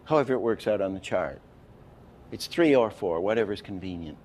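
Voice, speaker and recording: A man's voice: lowish voice, lively intonation, fairly quick, a little mellow, slightly rough. A man giving an animation masterclass lecture, explaining with false starts and counting frames aloud. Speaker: animation teacher.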